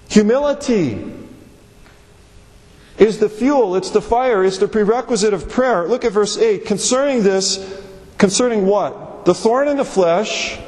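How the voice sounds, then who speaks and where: A male pastor preaching a sermon, reading scripture aloud and stressing key words with slow, deliberate emphasis. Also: high-pitched, a little mellow. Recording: long reverb of a large hall.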